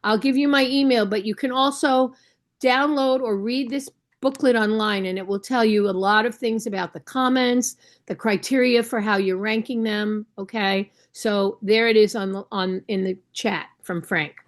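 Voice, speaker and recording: A woman's voice: fairly high pitch, normal speed. A woman coach training new judges over a video call, talking in a conversational, instructive way and often checking in with the listeners. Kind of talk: online training session.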